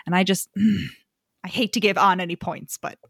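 A woman's voice: on the low side, normal speed, vocal fry, a bit bright, husky, no echo. A woman chatting casually as a podcast co-host, blunt and sardonic, swearing freely as she recaps a story. She acts out the characters' lines as she goes. Her voice is recorded dry and close, with no room sound. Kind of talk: casual chat.

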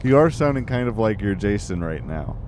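A man's voice: on the low side, sing-song, noisy background. A man co-hosting a podcast, teasing and chiming in during casual banter. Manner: teasing, quick to chime in. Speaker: podcast co-host.

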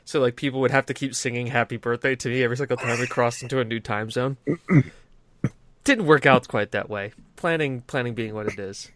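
A man hosting a podcast, chatting casually in an animated, sweary way with frequent restarts. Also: mid-range voice, a little fast. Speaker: podcast host.

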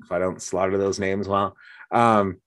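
A man's voice: low-pitched, level tone, measured pace, a bit bright, clear, resonant tone, no echo, clean studio sound. An American man chatting casually as a podcast host, a jokey storyteller who acts out the voices he quotes. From United States. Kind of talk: casual conversation.

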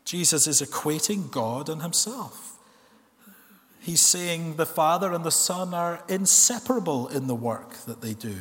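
A man preaching a sermon in a church, earnest, asking rhetorical questions and slowing down to stress key words. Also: a little high, fairly bright tone. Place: church hall. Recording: long reverb of a church hall.

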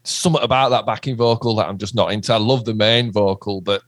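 A man's voice: on the low side, steady tone, fast, no room sound. A middle-aged man, a musician chatting casually in an interview, rambling and swearing. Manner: chatty, rambling, swears, says "do you know what I mean". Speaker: musician guest.

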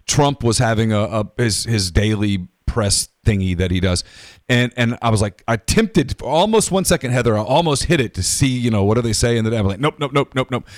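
A man's voice: on the low side, expressive, a little fast, no echo, clean studio sound. A middle-aged man co-hosting a podcast, telling rambling, self-deprecating stories in casual chat. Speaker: podcast co-host.

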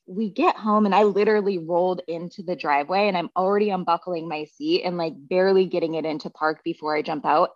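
Middle-aged woman, lower register, candid storyteller with profanity and filler words, dry slightly muffled mic. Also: no room sound. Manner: frank, profane, heavy use of "like" fillers. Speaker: podcast guest, therapy practitioner. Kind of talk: casual personal storytelling. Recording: dry, slightly dull recording.

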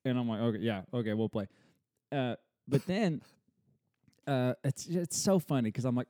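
Male podcast co-host, dad telling animated stories, warm dark tone, dry close sound. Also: mid-range voice, moderate pace, no echo. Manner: animated storytelling, acting out his child's lines. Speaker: podcast co-host, father of a toddler. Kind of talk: casual podcast chat.

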